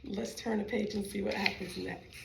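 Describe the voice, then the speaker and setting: A woman's voice: mid-range voice, steady tone, normal speed, vocal fry, reverberant. A woman reading her own picture book aloud to small children in a library, playful and sing-song, talking straight to her young listeners.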